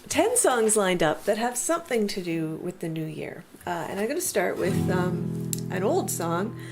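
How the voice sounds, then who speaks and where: A woman's voice: fairly low pitch, big pitch swings, normal speed. A young woman hosting her own live music stream, talking casually and rambling with asides. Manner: chatty and rambling, frequent ums and asides. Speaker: singer-songwriter hosting a weekly live stream. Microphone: computer webcam setup.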